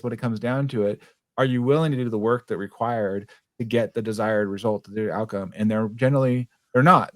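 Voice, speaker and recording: A man with a mid-range voice hosts a business podcast, keeping the interview chat casual and affirming while often restarting his sentences. The recording is dry.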